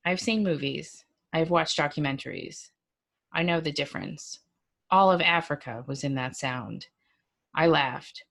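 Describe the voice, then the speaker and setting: A woman, a librarian, reading a first-person story aloud in a measured, dry, expressive way. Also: deep voice, creaky.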